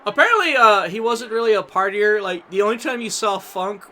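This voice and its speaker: A man's voice: sits high, expressive, brisk, bright, forceful tone, a little hiss or hum. A man rambling through crude wrestling anecdotes during casual gaming banter, often laughing. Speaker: gaming streamer.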